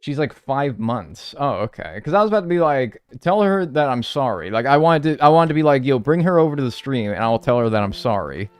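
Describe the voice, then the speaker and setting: A man's voice: mid-range voice, a little fast, few pauses, clean tone. A man streaming a game live, chatting with his viewers and swearing freely as he plays. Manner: animated, swears freely, banters with chat. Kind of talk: live gameplay commentary.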